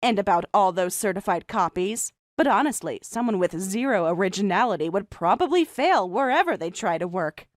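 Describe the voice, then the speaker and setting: A woman's voice: mid-range voice, expressive, no echo, studio quality, close to an everyday voice. Woman as a cool, cutting young woman. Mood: cold mocking. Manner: cool, mocking, measured. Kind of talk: animated story voice acting and first-person narration.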